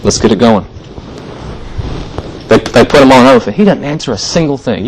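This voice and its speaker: A man's voice: mid-range voice, expressive, normal speed, pauses often, slight background noise, low-quality recording. A man preaching a sermon in a church, telling the story in a casual, conversational way and briefly acting out the voices of the people in it. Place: church sanctuary.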